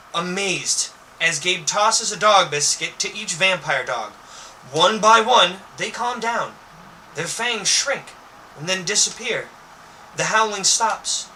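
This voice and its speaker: A man reading a children's horror book aloud on a live stream, in a lively, playful way. His voice is high and very bright. He sits back from the mic, with faint background noise. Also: recorded from a distance, rough recording.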